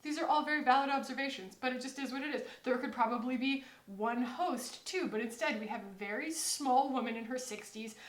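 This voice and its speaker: Chatty high-voiced woman in an echoey room. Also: brisk, hardly any pauses, noisy background. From United States. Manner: chatty, rambling, quoting others in animated asides. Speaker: beauty vlogger. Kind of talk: casual chat to camera.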